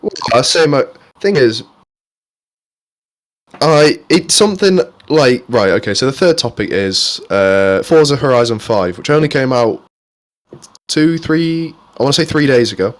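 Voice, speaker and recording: A young man from England chats loosely on a podcast, swearing often and tripping over his own sentences. His voice sits at an ordinary middle pitch. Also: expressive, unhurried. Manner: rambling, swears freely, restarts often. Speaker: podcast co-host. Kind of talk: casual chat.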